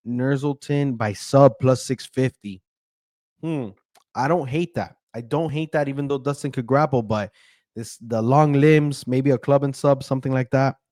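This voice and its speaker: A man rattles through fight odds and picks in a loose, chatty way, filling gaps with ums and tripping over hard names. His pitch sits mid-range for a man. The recording is dry and close, with no room sound. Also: a little mellow, no room sound. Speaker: betting analyst host. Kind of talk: casual betting breakdown.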